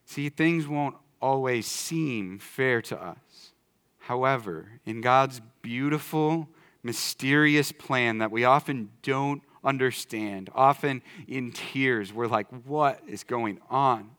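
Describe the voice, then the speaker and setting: Taking it slowly, a male pastor delivers a conversational sermon in a church sanctuary with a clean tone. He shifts from soft, low emphasis up to loud excitement.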